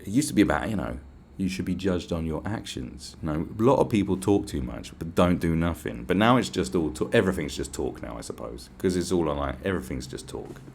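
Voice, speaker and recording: Low gravelly sarcastic man. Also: a little fast, a little hiss or hum. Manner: sarcastic, sweary, animated ranting. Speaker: podcast host. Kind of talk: solo podcast rant.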